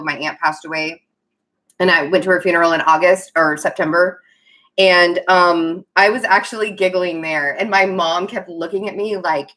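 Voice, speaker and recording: A tarot reader with a mid-range voice that sounds bright and forward does a laid-back reading for viewers. Her thoughts trail off as she rambles, and she lets out nervous laughs and apologizes repeatedly.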